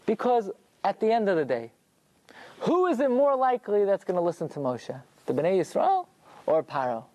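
Animated man teaching a Torah class. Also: high voice, dry recording. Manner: explains through rhetorical questions and answers them himself.

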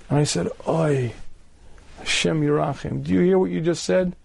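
A middle-aged man, a rabbi, giving an earnest lecture on faith and dating, often clearing his throat. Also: sits high, fairly quick, a little mellow.

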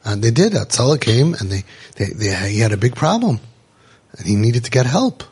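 A man hosting a parenting podcast, telling stories to parents in an animated way. He acts out the voices he quotes and drops Yiddish and Hebrew words into his talk. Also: mid-range voice, normal speed, slightly rough. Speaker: parenting coach and podcast host.

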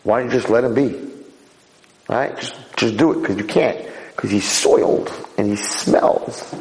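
Gravelly-voiced man lecturing in an echoey hall. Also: a little slow. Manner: animated, voice leaps high for emphasis. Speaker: rabbi giving a Torah lecture. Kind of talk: Torah lecture.

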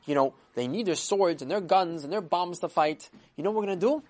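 A woman's voice: lowish voice, lively intonation, a little fast, a little mellow. A woman voicing a scheming male army general who plans a night raid aloud. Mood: plotting. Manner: plotting, musing aloud.

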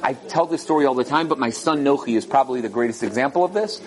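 A middle-aged man giving a sermon on a Torah lesson, telling stories in an animated way and acting out the voices in them. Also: fast talker. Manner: animated storytelling, acts out voices with big pitch swings. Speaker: rabbi giving a Torah talk.

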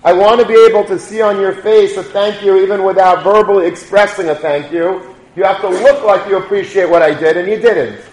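A man voicing an exacting elderly male yeshiva mentor who scolds with emphatic, drawn-out stresses. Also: sits high, darkish tone, natural voice. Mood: instructive. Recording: echoey room.

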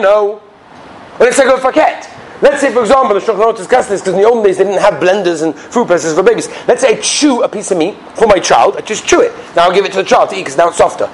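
A man teaching Jewish law as a lively lecture, full of stories and rhetorical questions. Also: high-pitched, a little hiss or hum. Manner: lively storytelling, rhetorical questions, mixes Yiddish and Hebrew terms. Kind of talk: animated lecture with anecdotes.

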